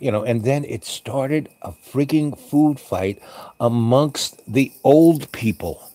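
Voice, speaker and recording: A man in a Santa-style role rambling through a casual story, full of ums and restarts, jumping into squeaky voices for the people he quotes. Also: expressive, slow, warm tone, no room sound. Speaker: vlogger playing a Santa character.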